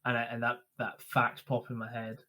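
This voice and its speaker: A man's voice: mid-range voice, monotone, moderate pace, bright, forceful tone. A man co-hosting a podcast, chatting casually about a film, mostly agreeing and offering hesitant facts. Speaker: podcast co-host. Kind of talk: casual film review chat.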